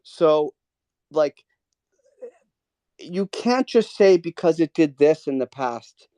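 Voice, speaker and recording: A man with a somewhat high voice coaches callers in a loose, emphatic way and comes back to the same points until they land. The sound is dry and close, with no room around it. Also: animated, takes it slowly, dark tone, no room sound. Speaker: host of a trading Q&A. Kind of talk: casual mentoring talk.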